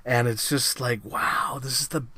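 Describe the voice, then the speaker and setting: A man hosting his own vlog, reviewing a film in a casual, excitable monologue, swearing freely and acting out scenes. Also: medium pitch, measured pace. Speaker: movie reviewer, host.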